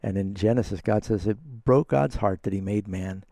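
A man's voice: fairly low pitch, normal speed, creaky, mellow, no room sound, clean studio sound. A man hosting a call-in radio Bible program as pastor, explaining scripture in an earnest, conversational way.

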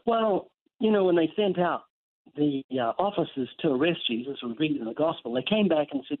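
A man's voice: a little high, lively intonation, a little fast. A man guesting on an interview show, preaching earnestly and telling vivid stories laced with scripture quotes. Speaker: guest author. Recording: tinny phone line.

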